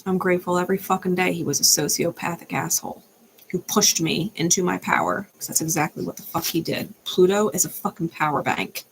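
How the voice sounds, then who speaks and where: A woman's voice: lowish voice, brisk, creaky, a little hiss or hum. A young adult woman, a tarot reader, ranting in a blunt, fired-up way and swearing freely. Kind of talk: unscripted ranting monologue.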